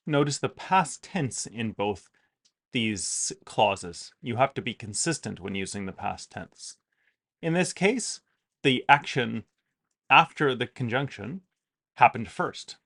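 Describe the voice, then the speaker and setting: A man teaching an English grammar lesson, explaining with clear emphasis and repeated example sentences. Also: mid-range voice, big pitch swings, slow pace, fairly bright tone.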